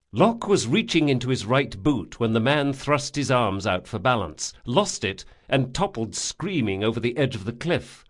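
A man narrating a fiction audiobook in a measured, expressive way. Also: mid-range voice.

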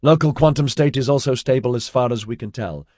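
A man voicing an excited male sensor officer who reports in fast, rising, breathless exclamations. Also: medium pitch, no room sound, studio quality, voice pushed up, natural voice. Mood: thrilled.

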